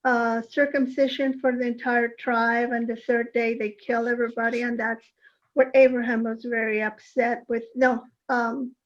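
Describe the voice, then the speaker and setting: Flat-voiced woman on lo-fi call. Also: fairly high pitch, moderate pace. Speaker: study participant. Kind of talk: class discussion. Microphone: video call. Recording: lo-fi video call audio.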